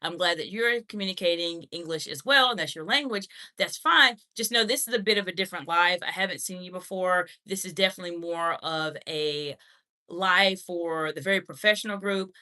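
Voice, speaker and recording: A woman's voice: fairly low pitch, fairly quick, bright, forceful tone. A woman hosting a live question-and-answer stream on leadership communication, reading viewer comments and answering in a direct, encouraging way.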